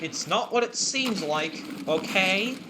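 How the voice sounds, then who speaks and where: Man, gameplay commentary, cursing, joking, fairly high pitch, noisy home recording. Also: animated, slow pace. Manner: swearing, joking, exasperated outbursts. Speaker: gaming YouTuber.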